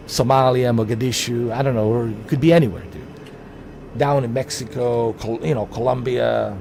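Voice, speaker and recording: A man talks straight to his livestream chat in a loose, rambling way. He circles back over the same points, preaching at his viewers. A faint hum of traffic sits low behind him. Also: gravelly, a little mellow. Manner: rambling, preachy, repeats himself. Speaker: livestream host. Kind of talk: casual livestream talk to chat.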